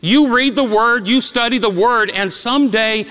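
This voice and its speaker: A woman's voice: fairly high pitch, normal speed, fairly bright tone, lightly acted. A man voicing a loving mother who comforts her young son, firm and tender as she repeats his name. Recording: reverberant hall.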